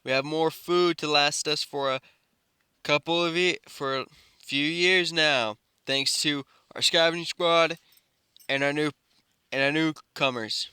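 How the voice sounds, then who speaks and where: A man voicing a grown-up leader reading out a formal announcement, slow and deliberate. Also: a little high, steady tone, sharp tone, clear, resonant tone, no echo, clean studio sound.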